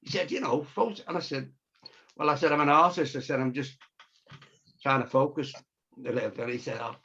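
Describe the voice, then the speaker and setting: A man's voice: on the high side, brisk, pushed and bright, husky. Man telling a rambling anecdote. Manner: chatty anecdotal, acting out quoted voices. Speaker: storyteller and illustrator. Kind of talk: casual storytelling on a video call. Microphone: video call. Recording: dull lo-fi video call audio.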